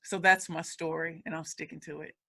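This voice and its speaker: A woman's voice: deep voice, flat delivery, a little fast, creaky, bright, forceful tone. A woman in her forties from the St. Louis area, telling her life story as an emotional, emphatic interview guest. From St. Louis area, United States. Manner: emphatic and emotional, with many repeats. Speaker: guest, speaker.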